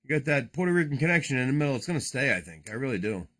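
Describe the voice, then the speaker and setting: Excitable profane man with a lively voice. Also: medium pitch, very fast. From New Jersey. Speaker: card-breaking streamer. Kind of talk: casual live card-opening chat.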